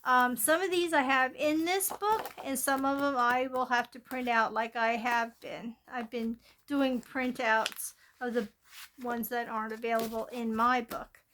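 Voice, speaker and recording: Slow, high-voiced woman chatting about coloring. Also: fairly even intonation, fairly bright tone, slight background noise. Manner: chatty, meandering, with many fillers and restarts. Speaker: coloring channel host. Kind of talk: casual show-and-tell of coloring plans. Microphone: phone filming from above.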